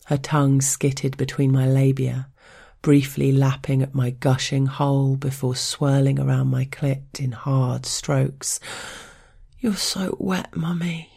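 A woman tells an intimate first-person story in a slow, measured voice. Her tone is dark and gravelly, with a husky, breathy grain. She stays stern and controlled. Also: a bass voice, monotone.

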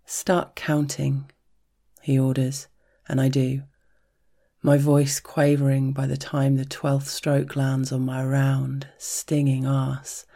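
A woman reading an intimate audio story aloud in a soft, unhurried scripted narration. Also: very deep voice, completely flat delivery. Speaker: story reader.

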